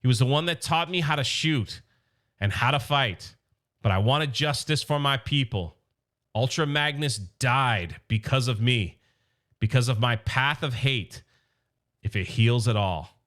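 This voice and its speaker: A man's voice: mid-range voice, expressive, measured pace, fairly bright tone, voice pushed down. A man quoting lines for an earnest, world-weary female robot warrior, talking in his own voice.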